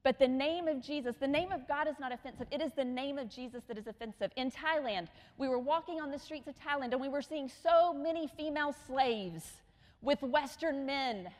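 A middle-aged woman preaching a sermon, telling stories with acted quotes and sometimes dropping to a hushed tone. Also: high voice, moderate pace. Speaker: missionary speaker. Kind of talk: sermon storytelling. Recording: long hall reverb.

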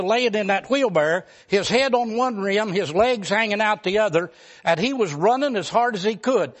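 A man's voice: high-pitched, fairly bright tone. A man, a pastor telling a folksy mountain story in a sermon. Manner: folksy, rambling storyteller with many fillers.

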